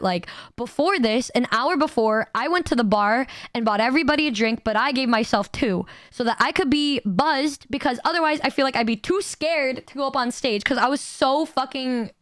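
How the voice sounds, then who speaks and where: A young woman with a high voice tells a rambling story to her stream chat, excitable and quick to laugh or swear. She is recorded dry and close on a streaming mic. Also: dry recording. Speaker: VTuber streamer.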